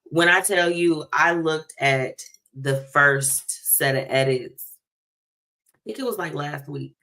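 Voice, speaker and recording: Low-voiced chatty woman host. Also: slow pace. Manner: chatty, animated, addresses listeners directly. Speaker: talk show host. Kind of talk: casual chat to listeners.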